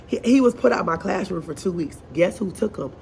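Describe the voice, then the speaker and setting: A woman's voice: lowish voice, animated, a little fast, creaky, a little mellow, a little hiss or hum. A woman, a first grade teacher, venting in a casual vlog in her classroom. She talks in an exasperated, chatty way with many asides and sounds congested and short of breath.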